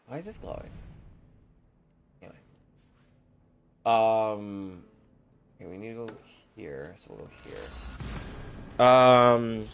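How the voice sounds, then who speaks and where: Campy, animated young man telling stories. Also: medium pitch, measured pace, creaky, long pauses, smooth. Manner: animated, campy, profane storyteller. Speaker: streamer. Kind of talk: casual storytelling while gaming.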